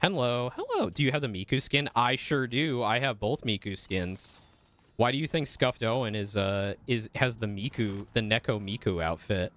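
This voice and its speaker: Here a man with a fairly low voice and a fairly bright tone talks at a normal speed during a casual gaming stream. He's a vtuber who chats with his audience in a rambling, filler-heavy way, cursing a lot whenever play gets heated.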